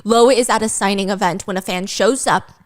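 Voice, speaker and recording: A woman's voice: mid-range voice, brisk. A woman host telling a true crime story in a playful, chatty way, with giggly asides.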